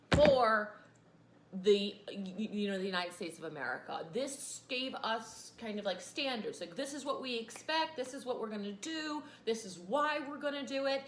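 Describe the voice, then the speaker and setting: A woman's voice: fairly high pitch, a bit bright, roomy sound. A woman, teaching a casual class and rambling into chatty asides.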